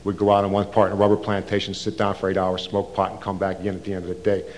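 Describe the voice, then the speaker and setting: Older male veteran, lowish voice, loose rambling storyteller with plenty of restarts. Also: completely flat delivery, quick pace. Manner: rambling, casual, with frequent restarts and slang. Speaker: Vietnam veteran recounting his service. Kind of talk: oral history storytelling.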